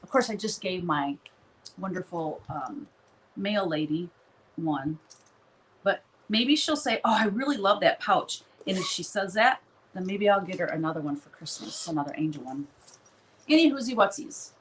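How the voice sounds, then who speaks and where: A woman with a fairly low voice chats casually as she hosts a live stream from her studio. Her talk rambles from one thing to the next, and she laughs often along the way. A faint noise sits under her voice. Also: normal speed, rough recording. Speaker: artist hosting a live stream.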